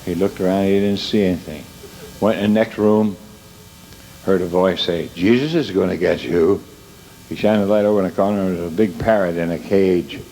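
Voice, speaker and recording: A man's voice: low voice, steady tone, warm tone, a little hiss or hum, poor audio. A man telling comic stories on stage, stumbling and restarting his words as he goes. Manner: halting, stammering restarts. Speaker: comedian. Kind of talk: stand-up storytelling.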